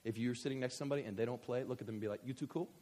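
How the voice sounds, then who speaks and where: A middle-aged male pastor preaching a sermon in an animated, joking, conversational way. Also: mid-range voice, rapid-fire, a little hiss or hum.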